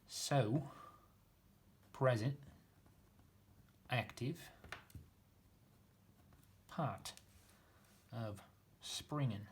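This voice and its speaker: A man's voice: lowish voice, moderate pace, a little hiss or hum. A man working through a Latin scripture text aloud, thinking as he goes, hesitant and self-correcting, poking fun at himself. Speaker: teacher reading Latin scripture.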